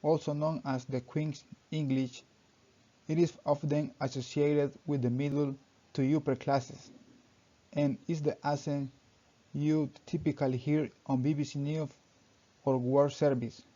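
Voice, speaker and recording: Young male student reading his presentation, mellow voice, careful and halting, muffled lo-fi sound. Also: a little high, flat delivery. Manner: halting reading, often restarting sentences with "so". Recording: dull lo-fi recording.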